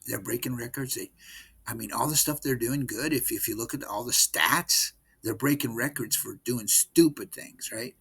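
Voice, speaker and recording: A gravelly-voiced man in his sixties rambles through a football recap, exasperated and repeating himself. His tone is casual and fan-like, and his voice sits at an ordinary pitch. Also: normal speed, bright, forceful tone. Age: 60s. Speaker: sports fan vlogger.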